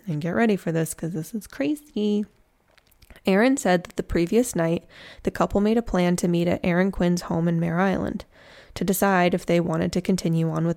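Chatty woman telling true crime, slightly low. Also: darkish tone. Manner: chatty, with slangy joking asides. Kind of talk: casual true crime storytelling.

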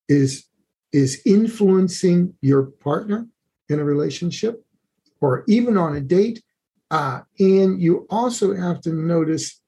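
A man with a husky, breathy voice and a warm, mellow tone. He talks as a relationship expert. His explanations are earnest and conversational, and he often restarts his phrases. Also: a little high. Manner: earnest, with frequent restarts and "you know".

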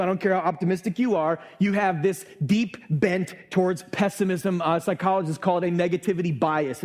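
A male pastor preaching a sermon, telling a lively personal story and acting out the exchanges in church. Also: sits high.

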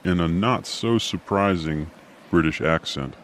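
Deep, slow deadpan storyteller man. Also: slight background noise. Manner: dry, deadpan humor. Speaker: narrator. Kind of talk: storytelling narration.

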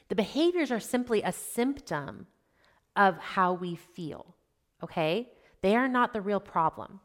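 A woman in her thirties, a life coach talking to mothers in a conversational way, often checking in with "okay?" and "right?". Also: fairly low pitch.

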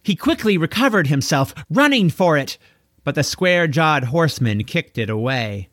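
Casting: male audiobook narrator, expressive and animated, slightly high voice, dry sound. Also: normal speed, no room sound. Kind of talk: audiobook reading.

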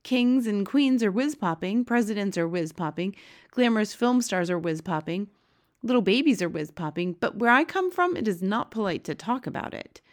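A woman's voice: medium pitch, animated, normal speed, natural voice. A well-mannered little girl , as a woman reads her lines from a storybook, speaking with patience and polite restraint. Her tone is a little lighter than the narration around it. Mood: patient.

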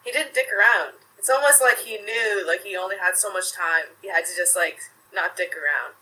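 Young woman, vivid bright tone, loose rambling storyteller with lots of fillers. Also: medium pitch, moderate pace, few pauses, rough recording. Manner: chatty, laughs often, many filler "like"s. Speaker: interview guest. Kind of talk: casual remembrance interview.

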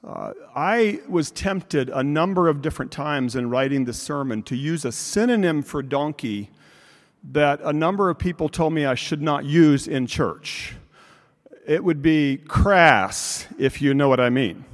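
A man with a slightly high voice preaches to a congregation, slipping in dry jokes. A long church reverb trails after his words. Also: expressive, unhurried. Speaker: pastor. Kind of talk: sermon. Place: church sanctuary.

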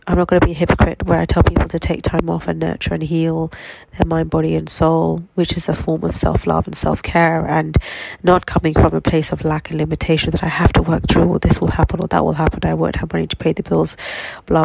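A woman with a cold and a nasal voice, giving a slow, reflective spiritual self-help talk from her bed at home. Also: low voice, completely flat delivery, gravelly, breathy edge, low-quality recording. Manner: slow, reflective, gently affirming. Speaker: healing coach.

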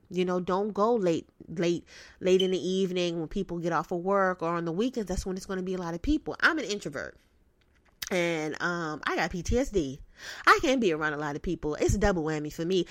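A woman's voice: mid-range voice, a bit bright, dry recording. A young woman hosting a podcast, giving blunt, profane, streetwise advice in a casual way. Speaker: podcast host.

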